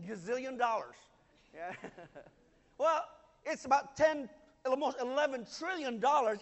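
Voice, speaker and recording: Male pastor, high voice, earnest emphatic sermon, heard with a long hall reverb.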